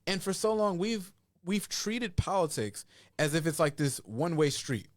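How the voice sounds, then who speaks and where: Earnest man, lively pitch, dry sound. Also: moderate pace, no room sound. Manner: earnest, repeats words as he starts. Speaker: congressional candidate. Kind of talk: casual panel chat.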